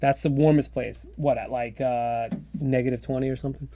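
A man co-hosting a podcast, excitedly improvising a comedic story and firing off rapid questions. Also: medium pitch. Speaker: podcast co-host.

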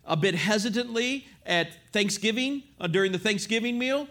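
A middle-aged male pastor preaching a sermon in an animated storytelling manner, acting out bits of dialogue. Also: sits high, moderate pace.

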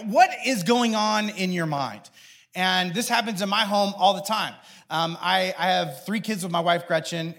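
A man with a notably high, light voice delivers a church sermon. He tells a family story with lively energy, slipping into his children's voices as he goes. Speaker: pastor. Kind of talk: sermon with personal stories.

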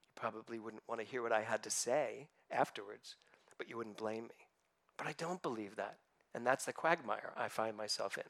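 A man's voice: medium pitch, fairly bright tone. A man giving a spiritual sermon, emphatic and building to fervent passages, acting out inner voices in quotes. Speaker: spiritual teacher.

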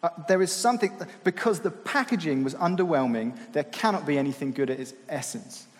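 Man, sermon, chatty, self-deprecating, slightly high voice, echoing church hall. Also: fairly quick. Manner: conversational, self-deprecating, repeats words. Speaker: preacher. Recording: long hall reverb.

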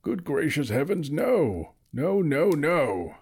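A man's voice: on the high side, very animated, slow, darkish tone, husky, pitched above the performer's own voice, exaggerated voice. A man reading aloud, voicing an old male wizard who lectures emphatically and turns cross easily. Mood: stern.

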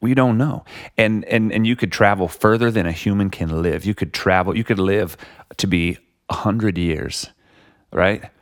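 A man's voice: fairly low pitch, moderate pace, no echo, clean studio sound. A man talking reflectively in a casual conversation, rambling with lots of "like" and "you know". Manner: reflective, rambling, many likes and you knows.

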